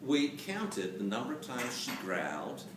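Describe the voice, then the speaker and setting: A man giving a lively, jokey lecture on dog training to a live audience, acting out quotes as he goes. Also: mid-range voice, measured pace. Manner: animated, jokey, acts out quotes. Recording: roomy, distant camera mic with hiss.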